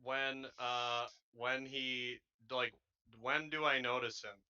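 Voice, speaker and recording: Man, tabletop player, eager, very bright, crisp, dull lo-fi sound. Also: mid-range voice, steady tone, slow. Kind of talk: casual tabletop play.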